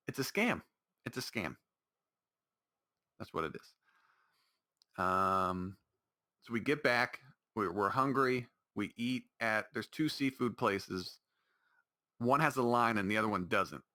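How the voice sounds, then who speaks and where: A man with a medium-pitched, bright, forceful voice hosts his own podcast alone. He rambles in an exasperated way and keeps restarting his sentences in this casual solo monologue.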